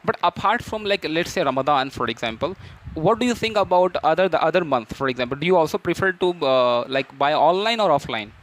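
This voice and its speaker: A woman hosting a casual English-practice conversation, giving short replies and steering topics with hesitant "uh" pauses. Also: sits low, lively intonation, slight background noise. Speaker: conversation host.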